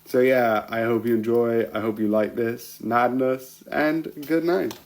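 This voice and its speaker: A man's voice: mid-range voice, steady tone, measured pace, a little mellow, slight background noise, rough recording. A man rambling casually about TV episodes, laughing often and restarting his sentences as he goes. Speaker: vlogger reviewing TV episodes.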